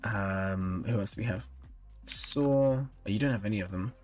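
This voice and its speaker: A man's voice: on the low side, moderate pace, soft background music. A tired, yawning man streaming live and chatting casually as he reviews viewers' game rosters and answers chat. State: sleepy, yawning.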